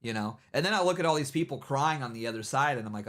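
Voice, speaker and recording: A man's voice: medium pitch, animated, quick pace, fairly bright tone. Mocking, rambling male livestream host. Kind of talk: casual livestream commentary.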